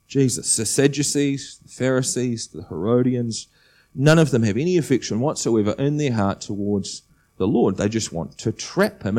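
A man preaching a sermon, talking conversationally and building to animated emphasis. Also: mid-range voice. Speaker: pastor.

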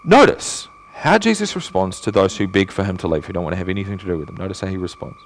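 A male pastor preaching a sermon in earnest, asking rhetorical questions and swinging between emphatic and hushed delivery. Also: low-pitched, animated, quick pace, a little hiss or hum.

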